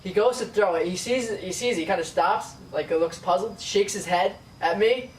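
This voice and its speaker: A man with a New York accent co-hosting a sports podcast, talking in a profane, animated, casual way. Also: sits high, normal speed. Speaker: podcast co-host. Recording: echoey room from far off, faint noise.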